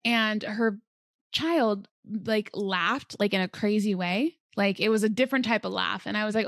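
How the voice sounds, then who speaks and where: A woman's voice: medium pitch, normal speed, a bit bright, no room sound, studio quality. A woman hosting a solo podcast, talking casually and earnestly about manifesting, with many filler words. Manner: chatty, frequent "like" fillers, earnest. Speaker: podcast host.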